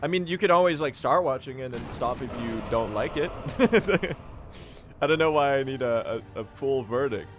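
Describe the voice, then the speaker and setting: Young guy streaming a speedrun, rambly and self-deprecating, mid pitch, faint music behind. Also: lively intonation, moderate pace. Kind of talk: casual chat while speedrunning a game.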